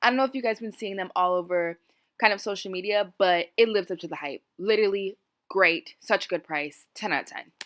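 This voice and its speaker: A young woman chatting to her viewers in a relaxed travel vlog, keen to recommend her favourite spots. Her pitch sits in the middle, and she talks the way you would with friends. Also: a little fast. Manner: chatty and enthusiastic, recommending places. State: out of breath. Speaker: travel vlogger. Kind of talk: casual travel vlog chat.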